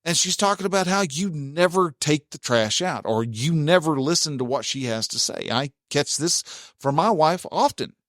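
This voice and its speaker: A man gives casual relationship advice in a folksy, rambling way. His voice sits a little high for a man. The sound is dry and close, with no room echo. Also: lively intonation, normal speed, a bit bright. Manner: conversational, many restarts, acts out quoted spouse lines.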